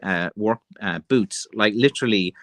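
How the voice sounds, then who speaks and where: A man with an Irish accent hosting a livestream, ranting in a rambling, excitable way, full of "like" and "you know" and calling people "man" and "lads". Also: on the low side, moderate pace, dry recording. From Ireland. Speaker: livestream host. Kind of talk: casual rant on a livestream.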